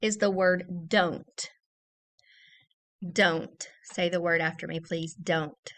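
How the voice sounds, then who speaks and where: A woman teacher giving a recorded early-grade reading lesson, saying each word slowly and clearly and repeating it for young children. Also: lowish voice, fairly even intonation.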